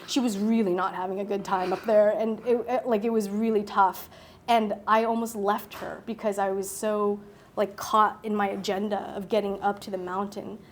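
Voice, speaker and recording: A woman speaking at a public talk, telling a personal story in an animated way, acting out her own thoughts and laughing often. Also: medium pitch, a little hiss or hum.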